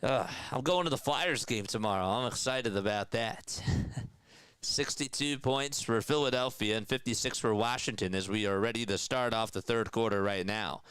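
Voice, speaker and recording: Man, basketball play-by-play, smooth resonant voice, dry close sound, chatty. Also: mid-range voice, normal speed, a bit bright, no room sound, poor audio. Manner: casual, chatty, reads viewer comments aloud. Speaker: play-by-play announcer. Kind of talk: radio-style basketball play-by-play with live chat.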